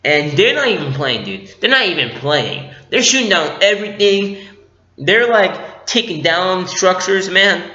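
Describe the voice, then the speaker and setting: A man's voice: high-pitched, sing-song, measured pace, sharp tone. A man giving a casual, rambling movie review with lots of filler words, recorded on a dull lo-fi mic in an echoey room.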